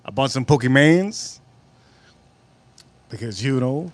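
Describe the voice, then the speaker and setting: A man hosting a casual livestream, rambling and excitable, repeating himself as he chats. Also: medium pitch, slow pace, no echo. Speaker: livestream host.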